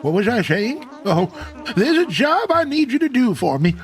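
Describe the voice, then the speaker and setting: A man voicing a chummy, rambling old male tortoise mayor from a video game, in a high, drawn-out old man's voice. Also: sing-song, exaggerated voice. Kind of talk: reading game dialogue aloud.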